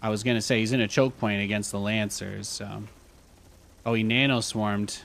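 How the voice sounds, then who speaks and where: Gravelly young man, low-ish, chatty streamer commentary with repeats. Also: steady tone, normal speed, a bit bright. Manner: chatty, rambling with repeated phrases. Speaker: game streamer. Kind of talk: live gameplay commentary.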